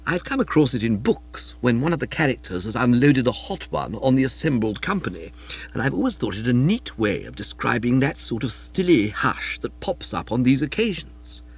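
A man narrating a comic story in the first person, in a lively, playful reading. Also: mid-range voice, moderate pace, slightly rough. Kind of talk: scripted audiobook narration. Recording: dull, muffled audio.

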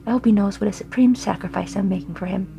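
A woman voicing a proud male dwarf king who is gruff and grumbles sulkily. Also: mid-range voice, quick pace, music in the background, lightly acted. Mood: sulky. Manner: grumbling, sulky pleading.

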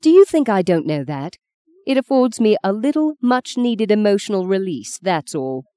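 A woman voicing a sharp-tongued young actress who answers with blunt, scornful retorts in a storybook reading. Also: medium pitch, very animated, moderate pace, dry recording, pitched above the performer's own voice, close to an everyday voice.

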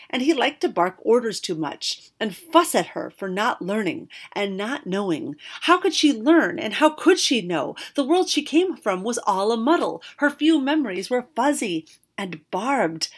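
A woman narrating a fantasy storybook aloud, expressive, with occasional slips and restarts. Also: medium pitch, husky.

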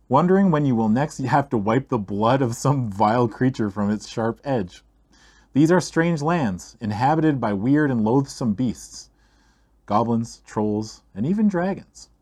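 A man reading a fantasy gamebook aloud in a steady storytelling voice, speaking to the listener as "you". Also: medium pitch. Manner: steady storytelling read-aloud, second person. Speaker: game reader.

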